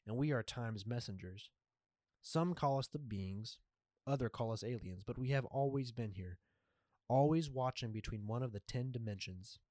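A man voicing a calm, cryptic male jaguar spirit who speaks slowly and softly in a storybook reading. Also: mid-range voice, no echo, clean studio sound, lightly acted. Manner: slow, deliberate and soft-spoken.

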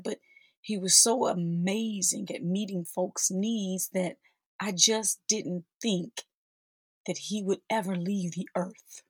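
A woman in her forties tells a personal story to her listeners with slow, heartfelt pacing. Her voice is husky and sits a little low. The recording is dry and close, with no room around it. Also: no echo. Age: 40s. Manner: heartfelt, addresses listeners as sisters and y'all. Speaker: podcast host.

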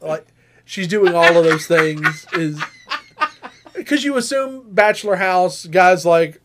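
A man in his thirties, co-hosting a podcast and telling a story in casual chat, lively and animated, with high squeaky voices for the women he quotes. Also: measured pace. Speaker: podcast co-host.

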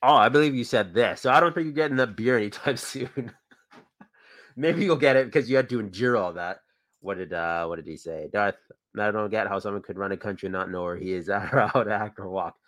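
A man hosting a podcast, chatting in a relaxed, rambling way about toy figures and trailing off with fillers. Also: on the low side, fairly quick. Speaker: podcast host. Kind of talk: casual chat about toys.

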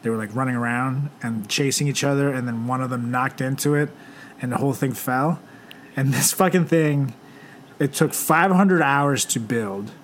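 A young man co-hosting a casual podcast, crude and joking, often acting out loud voices. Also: medium pitch, normal speed, slight background noise. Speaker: podcast co-host.

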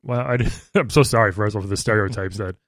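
A man's voice: fairly low pitch, fast, fairly bright tone, no echo, clean studio sound. A man co-hosting a casual comedy chat, playful and teasing, laughing often. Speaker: co-host.

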